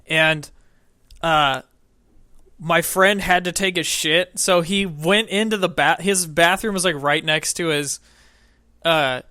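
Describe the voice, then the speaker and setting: A young man co-hosting a gaming podcast, telling a profane, animated story in casual chat. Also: on the high side, slow pace, pauses often, no echo, clean studio sound. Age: young adult. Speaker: podcast co-host.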